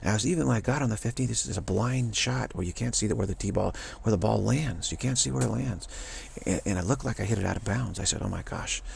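A man giving a casual spiritual talk to camera, rambling and repeating himself with halting restarts. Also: lowish voice, creaky, slight background noise. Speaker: spiritual vlogger.

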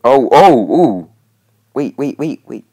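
A woman giving let's-play commentary, excitable and casually swearing, with lots of repeated phrases. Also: rumbling low, slow pace, slightly rough. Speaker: gaming channel host.

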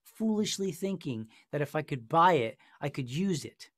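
A man's voice: fairly high pitch, expressive, normal speed, a bit bright, no echo, clean studio sound. A man hosting a podcast discussion, telling a story in a passionate, sarcastic way. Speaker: podcast host. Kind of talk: casual discussion.

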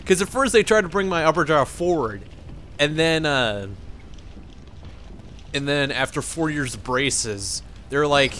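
Bright-voiced young man rambling over gameplay. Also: fairly high pitch, unhurried, pauses often, a little hiss or hum. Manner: rambling, jokey, laughs often. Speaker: let's play gamer. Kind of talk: casual gameplay commentary.

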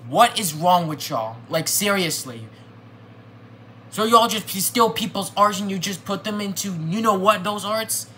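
An upset young vlogger rants to viewers and keeps circling back to the same complaint. The voice swings from low and mumbled to sudden high outbursts. Pitch sits mid-range, with a faint hiss of room noise behind it. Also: moderate pace, hardly any pauses. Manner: agitated, repeats itself, voice jumps high and loud when upset. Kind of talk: ranting to camera.

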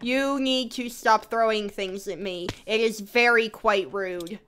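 Slow-talking bright-voiced woman gamer. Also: mid-range voice, a little hiss or hum. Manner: playful, dramatic outbursts and giggles. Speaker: streamer. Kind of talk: casual gaming chat.

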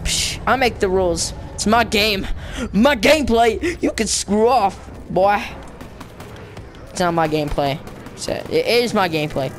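A young channel host giving playful, excitable commentary over a zombie game. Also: mid-range voice, a little slow, faint music behind. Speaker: gameplay commentator.

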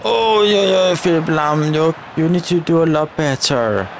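A young man commentating his own football video game match as he plays, cheering, chanting and shouting at the referee. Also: a little high, measured pace, slight background noise. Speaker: gaming channel host. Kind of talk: live gameplay commentary.

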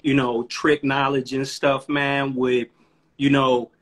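A rapper from Chicago with a Chicago accent, talking reflectively in a casual live stream chat. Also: male voice, medium pitch, flat delivery, slow pace. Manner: reflective, affirming listener.

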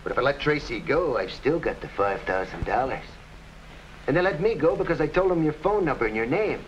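A man's voice: mid-range voice, animated, a little fast, slight background noise, natural voice. A man playing a gloating, hard-boiled gangster boss in a 1940s radio drama, heard on a dull old recording. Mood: mocking. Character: scheming gangster boss Flat Top, grown man.

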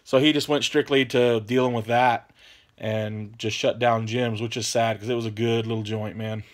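Guy doing a chill q&a vlog, rambly and apologetic, keeps saying man, regular middle pitch. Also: flat delivery, normal speed. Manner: laid-back, rambling, apologetic, peppers talk with "man". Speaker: channel host answering viewer questions. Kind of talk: casual vlog Q&A.

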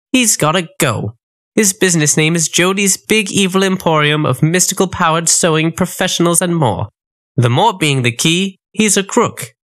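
A woman's voice: fairly low pitch, natural voice. A woman voicing a vain, jealous evil queen in a comic audiobook, petty and indignant.

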